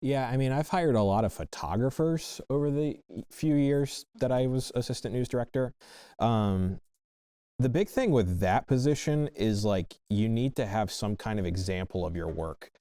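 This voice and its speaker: A man's voice: medium pitch, expressive, moderate pace, warm tone, dry recording, clean studio sound. A man on a discussion panel, a former assistant news director, talking casually with many fillers.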